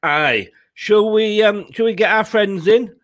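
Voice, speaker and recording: A man's voice: sits high, measured pace. A man opening a football fan podcast in a casual, chatty, self-mocking way, laughing often. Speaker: podcast host.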